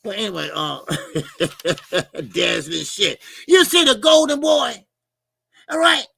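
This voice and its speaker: Loud, gravelly man ranting about boxing. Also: high-pitched, slow pace, dry recording. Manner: animated, shouting rants, profane, laughing. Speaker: boxing commentary channel host. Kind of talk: loud casual commentary.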